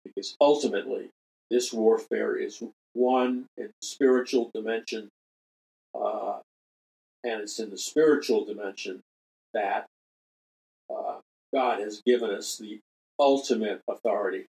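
A man's voice: on the low side, fairly even intonation, a little slow, creaky, long pauses, a little mellow, poor audio. Emphatic older man hosting a talk radio show. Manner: emphatic, repeats key phrases, earnest appeals. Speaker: radio show host and minister.

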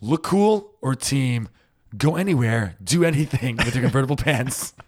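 A man's voice: mid-range voice, lively intonation, normal speed, a little mellow. A man co-hosting a podcast, chatting casually. He rambles and laughs often, in a mid-range voice. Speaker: podcast co-host. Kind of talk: casual chat.

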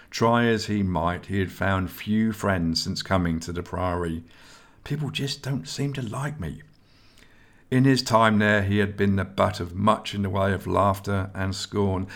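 A man giving scripted audiobook narration in a steady storytelling manner. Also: sits low.

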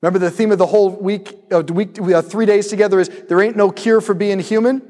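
A man preaching a sermon, telling a story in an animated way and stressing points through rhetorical repetition. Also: high voice, fast. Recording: long hall reverb.

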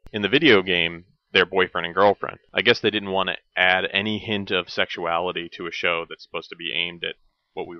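A host with a low, deep voice narrates a scripted retrospective on old cartoons, dropping wry, dry jokes between the facts. The recording is close and dry, with a slightly dull, lo-fi tone.

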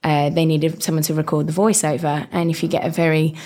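Podcast guest: young woman, South East London accent, lowish voice, lively storyteller who laughs a lot. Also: brisk. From England. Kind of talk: casual chat.

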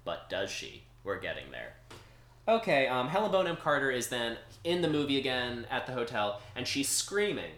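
A man co-hosting a podcast, casually recapping a movie in a rambling, animated way. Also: mid-range voice, normal speed, echoey room. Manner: rambling, animated storytelling with laughs. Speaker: podcast co-host.

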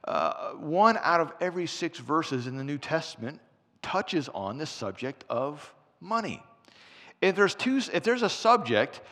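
A man preaching a conversational sermon as pastor, telling stories along the way. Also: on the high side. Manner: animated, conversational storyteller. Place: church sanctuary. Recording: long church reverb.

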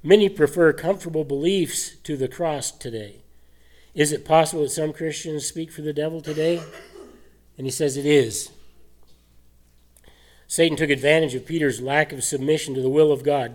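A man preaching a sermon, animated and full of rhetorical questions and scoffing laughs. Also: fairly high pitch, moderate pace. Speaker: pastor.

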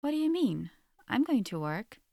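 A woman's voice: on the high side, big pitch swings, normal speed, vocal fry, warm tone, no room sound, clean studio sound, pitched above the performer's own voice. A woman voicing an anxious young wife. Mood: defensive.

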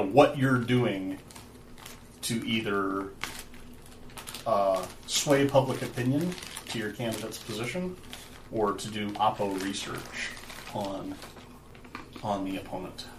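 A man's voice: on the low side, takes it slowly, long pauses. A man running a tabletop game as game master, explaining rules in a loose, filler-heavy way. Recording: roomy, distant, noisy.

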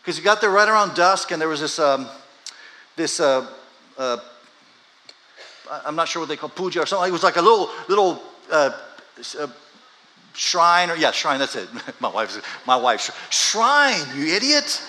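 A male pastor with a bright, slightly high voice, preaching in a casual, storytelling way that builds to loud, emphatic peaks. His voice carries a long reverb, as if he were on a stage mic in a large church auditorium. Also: normal speed, pauses often. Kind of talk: conversational sermon.

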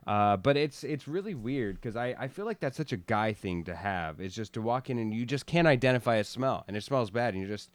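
A young man co-hosts a podcast from his room, joking and teasing his partner in a loose, playful way. His voice is smooth and clear, the sound is close and dry, and his pitch sits in the middle. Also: expressive, fairly quick, hardly any pauses, dry recording. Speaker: podcast co-host. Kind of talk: casual podcast chat.

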